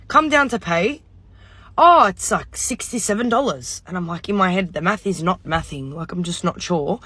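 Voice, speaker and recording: Bright, exasperated storyteller. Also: medium pitch, lively intonation, normal speed. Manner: exasperated, swearing, mimics others. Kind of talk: casual storytime rant.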